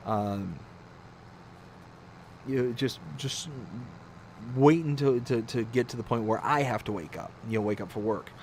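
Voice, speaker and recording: Animated man telling a story on stream. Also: medium pitch, a little hiss or hum. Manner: animated, acts out the voices in his story. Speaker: livestream host. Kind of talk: casual storytelling on a gaming livestream.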